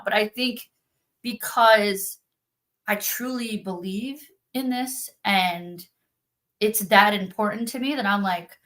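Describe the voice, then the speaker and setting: A woman's voice: mid-range voice, moderate pace, fairly bright tone. A woman speaking earnestly and from the heart in a casual conversation, as a spiritual practitioner on a video call.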